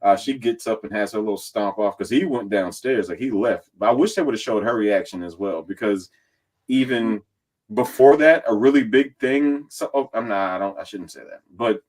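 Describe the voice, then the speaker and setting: As a podcast guest, a man who competed on a reality show casually goes over what happened, his voice lowish and his pace moderate. His delivery is profane and lively, with other people's lines acted out in quotes.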